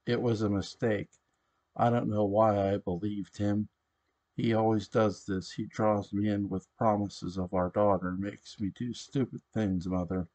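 Man reading as a hysterical young woman, low, slow, anguished storybook daughter. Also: little pitch movement, darkish tone. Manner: hysterical, pleading. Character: frantic young woman, guilt-stricken daughter.

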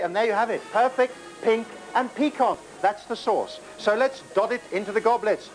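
A theatrical man hosts a spoof cooking show and hams up every step. He yelps in high squeaks now and then, and faint music plays underneath. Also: expressive, normal speed, poor audio. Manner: hammy and theatrical, with sudden squeaky exclamations. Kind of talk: comic cooking demonstration.

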